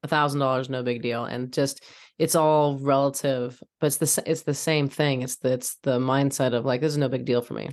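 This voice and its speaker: A woman's voice: a bass voice, steady tone, a little fast, darkish tone. A woman hosting a podcast interview, speaking casually and thoughtfully, often repeating words as she works out her point. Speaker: podcast host, chiropractor.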